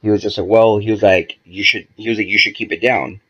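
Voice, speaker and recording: A man's voice: lowish voice, quick pace, slightly rough, highs cut off. A man, a podcast guest, telling a story in a casual, profane way and acting out the dialogue as he goes. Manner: profane, animated, acts out quoted dialogue.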